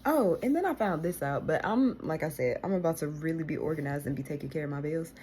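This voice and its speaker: A woman's voice: low voice, lively intonation, fast talker, warm tone, a little hiss or hum. A woman vlogger venting to her viewers in a casual diary style, exasperated and swearing freely.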